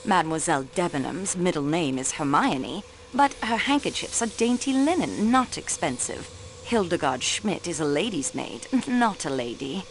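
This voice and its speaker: Fairly low in pitch, with lively intonation and a moderate pace, this woman's voice carries slight hiss or hum. It is video game voice acting: she portrays a poised, persistent amateur detective, a railway clerk in a mystery game, and peppers the lines with French. The sleuth comes across as sharp, cool and probing.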